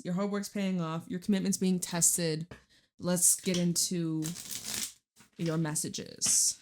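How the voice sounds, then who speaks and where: Woman, young adult, tarot reader, casual monologue, candid and chatty, slightly low voice, at home. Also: slight background noise. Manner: chatty, emotional, swears casually.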